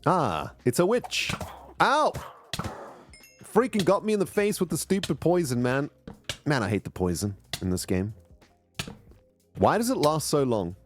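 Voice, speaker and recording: A man streaming a video game live, chatting casually and greeting viewers with bursts of excitement. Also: a little high, normal speed, long pauses, faint music behind. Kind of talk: casual live gameplay chat.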